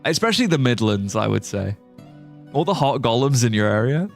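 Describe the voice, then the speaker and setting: A man's voice: medium pitch, sing-song, a little fast, vocal fry, faint music behind. A young British man streaming a game, rambling and joking casually and swearing as he reads chat aloud. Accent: British English. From United Kingdom. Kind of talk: casual livestream chat while gaming.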